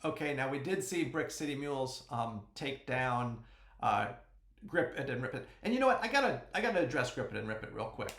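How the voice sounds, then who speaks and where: Joking podcast host, bright and a touch high, echoey room. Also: male voice, very animated, fairly quick. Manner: chatty and joking, with sudden yells. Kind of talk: casual fantasy sports recap.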